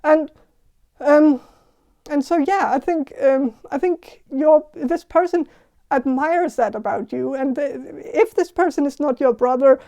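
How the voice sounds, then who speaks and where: A woman giving a casual tarot reading, talking in a halting, hesitant way with many fillers and restarts. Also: sits high, mellow. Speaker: tarot reader.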